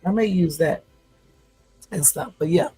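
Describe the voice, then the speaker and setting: A woman's voice: fairly low pitch, unhurried, dark tone, husky, soft background music, low-quality recording. A woman in her fifties hosting a casual livestream from home, chatty and full of fillers, turning blunt and confrontational. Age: 50s. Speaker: YouTube livestream host.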